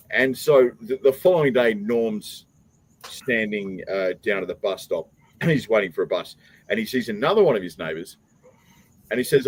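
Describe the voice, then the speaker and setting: A man's voice: fairly low pitch, normal speed, husky, low-quality recording. A man hosting a live stream chat, rambling through a long joke and acting out its speakers. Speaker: streaming show host.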